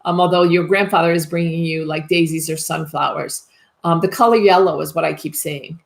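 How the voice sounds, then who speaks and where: With a deep, gravelly voice and a steady, brisk delivery, this woman works as a psychic medium during a live reading. She stays reassuring yet tentative, frequently asking if her impressions are correct.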